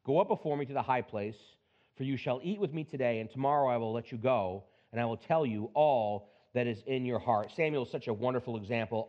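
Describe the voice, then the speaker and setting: Male pastor, conversational preaching with animated storytelling, mid-pitched, slightly dull lo-fi sound. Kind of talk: sermon with scripture reading.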